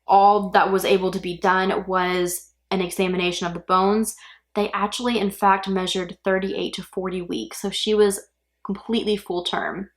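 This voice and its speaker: A woman's voice: medium pitch, normal speed. A woman hosting a true crime podcast, retelling a case in a casual, chatty way with blunt opinionated asides. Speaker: podcast host.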